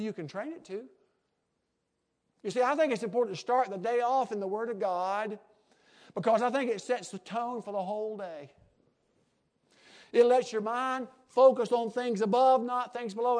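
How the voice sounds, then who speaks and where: A middle-aged man, preaching a folksy sermon as pastor of his church, swinging from soft asides to loud emphatic peaks. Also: high voice.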